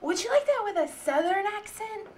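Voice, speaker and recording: A woman's voice: very high voice, expressive, moderate pace. A woman playing a theatrical, melodramatic actress with a gushing delivery in an indie comedy. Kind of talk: indie comedy drama acting.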